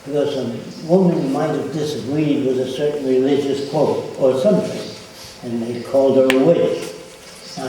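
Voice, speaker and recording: A man's voice: on the high side, warm tone, slight background noise. A man giving a public lecture, blunt and provocative, often quizzing the audience with questions. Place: large lecture hall. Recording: echoey hall from far off.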